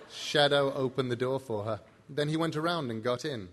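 A man narrating a novel in an easygoing reading voice. He now and then steps out of the story for a quick aside to the listener. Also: mid-range voice, a bit bright, big-room sound, slight background noise. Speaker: audiobook reader.

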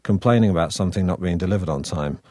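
Speaking fast, a deep-voiced, mellow man from Manchester is the actor guest in a relaxed, conversational interview. His northern accent is smoothed toward received pronunciation, and his talk is loose, wry and chatty, thick with ums and false starts, in a close, dry recording.

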